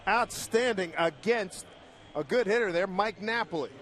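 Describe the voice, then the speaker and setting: A man's voice: sits high, animated, moderate pace, a bit bright, slight background noise. A middle-aged man giving upbeat play-by-play commentary on a ball game. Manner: upbeat, enthusiastic wrap-up. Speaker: play-by-play announcer. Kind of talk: sports commentary.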